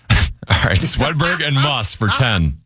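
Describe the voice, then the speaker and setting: A man hosting a radio talk show, announcing scores and turns of a word game in a brisk game-show style. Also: medium pitch, very animated, sharp tone, husky, dry recording, studio quality.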